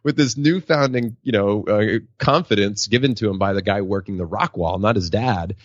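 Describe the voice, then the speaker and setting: A man's voice: fairly low pitch, normal speed, no echo, highs cut off. A man telling personal stories as a podcast guest, acting out quotes in a raised voice. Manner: animated, acts out quotes in a raised voice. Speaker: podcast guest, professional speaker. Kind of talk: storytelling interview answer.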